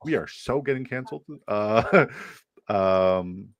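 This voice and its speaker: A man's voice: mid-range voice, lively intonation, takes it slowly, no room sound. A young adult man hosting a casual livestream with brash, profane, hype-man energy. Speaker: host.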